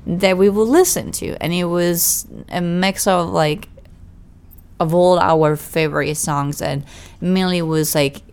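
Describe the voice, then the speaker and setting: A woman's voice: fairly low pitch, slow, a little mellow, smooth. A woman, co-hosting a podcast in casual chat, talkative and self-deprecating, restarting her sentences often. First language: Italian. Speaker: podcast co-host.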